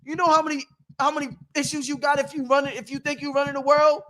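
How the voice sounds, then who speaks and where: A man's voice: extremely high pitch, fast. A man hosting his own live stream, talking casually and preachily, with frequent laughter. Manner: animated, preachy, laughs often. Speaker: livestream host. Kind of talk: casual livestream monologue. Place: at home.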